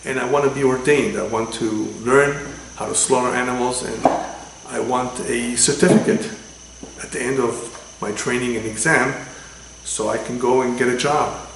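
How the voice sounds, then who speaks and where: A man voicing an annoying young man who complains loudly on a train, in a gravelly voice in an echoey room. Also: medium pitch, steady tone, moderate pace, a little hiss or hum, close to an everyday voice. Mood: earnest. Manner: demanding, yelling, then pleading.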